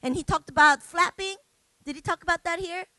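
Female preacher, very high bright voice, slow conversational sermon delivery, dry close sound. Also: no room sound. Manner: conversational preaching, tags "right?", acts out examples.

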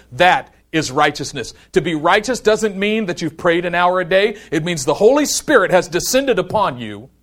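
A man with a notably high voice preaches a sermon. He leans hard into key words and slows right down when he lingers over scripture. When he runs through a list, each item pushes his voice higher and louder. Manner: emphatic preaching, slowing down to dwell on scripture; builds to higher, louder peaks on lists of words.

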